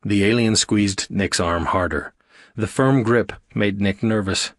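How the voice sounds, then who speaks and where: A man narrating a science fiction audiobook in a steady, even storytelling manner. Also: fairly low pitch, a little slow, no echo, studio quality. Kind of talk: scripted narration.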